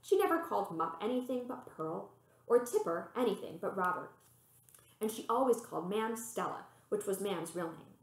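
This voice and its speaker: A woman's voice: moderate pace, echoey room, poor audio. A woman librarian reading a children's storybook aloud, lifting her voice for the characters. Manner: expressive, voicing the characters with pitch lifts.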